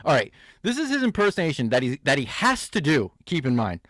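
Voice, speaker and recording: Brief: male reaction host, sarcastic riffing, slightly high voice, dry close mic. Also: wildly swooping pitch, a little fast, few pauses, a bit bright, dry recording. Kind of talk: comedic reaction commentary.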